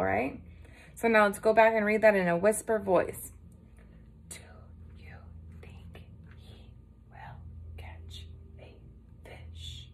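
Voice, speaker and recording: A woman with a fairly high voice teaching a recorded morning lesson to small children. She talks patiently and warmly encourages them, checking in often as she counts along.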